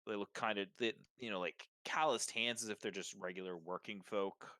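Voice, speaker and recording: A man's voice: fairly low pitch, steady tone, normal speed, pushed and bright, no echo. A man narrating as game master of a tabletop game, describing scenes with fillers and restarts.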